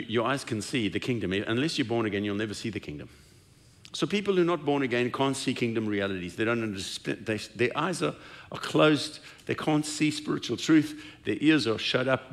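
A man preaching a sermon as pastor, retelling scripture scenes in an animated storytelling way. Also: mid-range voice, gravelly.

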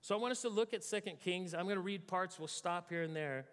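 A man's voice: sits high, a little fast, a bit bright. A man preaching a sermon as pastor, conversational with joking asides. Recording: long hall reverb.

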